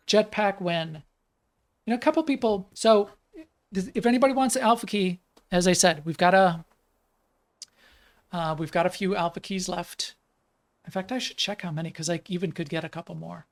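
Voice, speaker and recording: Rambling game developer, live stream chat, gravelly, mid-pitched voice, lots of ums and restarts. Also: normal speed, pauses often. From United States. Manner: talks while playing and commenting on the game.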